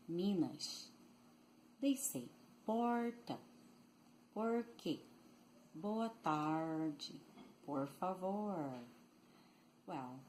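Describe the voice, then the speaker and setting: A Brazilian woman teaches Portuguese in English, speaking very slowly and with care as she models each pronunciation. Her voice sits fairly low. Faint ambience hangs behind her. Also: dark tone, slight background noise, rough recording. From Rio de Janeiro state, Brazil. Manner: slow, careful demonstration of pronunciations. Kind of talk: language lesson.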